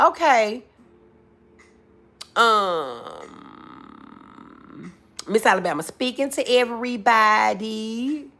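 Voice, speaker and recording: A woman's voice: mid-range voice, very animated, moderate pace, fairly bright tone. A woman hosting a casual livestream, chatting with viewers in the comments and calling them boo and baby. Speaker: livestream host. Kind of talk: casual live chat reading comments.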